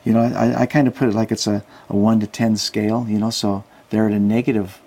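Man guest with a gravelly voice, spins energetic stories and mimics the people in them. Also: lowish voice, fast. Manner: animated anecdotes, acts out quoted voices. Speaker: guest, Christian outreach worker. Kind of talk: casual interview storytelling. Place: Salt Lake City.

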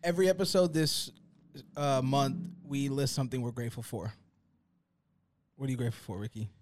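A man's voice: mid-range voice, fairly even intonation, fairly quick, noisy background. A man co-hosting a podcast in casual chat, laid-back and slangy, often calling his friends "man". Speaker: podcast co-host.

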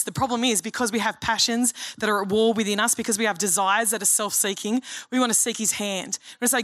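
A woman's voice: on the high side, fairly even intonation, a little fast, few pauses, a bit bright. A woman pastor preaching a sermon in an earnest, storytelling way. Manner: earnest, storytelling, acts out dialogue.

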